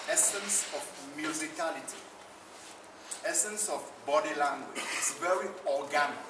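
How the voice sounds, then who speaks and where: A man, an actor on a debate panel, arguing in an impassioned way and repeating phrases for emphasis. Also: a little high. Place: conference room at a film festival. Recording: roomy, distant mic, noisy ambience.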